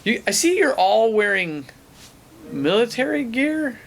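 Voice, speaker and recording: A suspicious, stern park ranger, as a man puts him on, his voice pushed high above the teller's own and swinging widely in pitch. He fires off questions and warnings in a halting way, with a gravelly edge. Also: sing-song, heavily acted. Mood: questioning.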